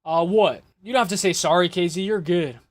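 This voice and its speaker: A man hosting a casual livestream, rambling and cursing as he makes fight picks, his voice hoarse and worn out. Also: sits high, brisk, dry recording. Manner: rambling, repeats himself, curses freely. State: lost his voice. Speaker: livestream host.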